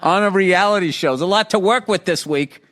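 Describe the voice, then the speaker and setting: A man with a Boston accent telling a story in casual chat, profane and animated, laughing in bursts. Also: high voice, fairly quick. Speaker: podcast host.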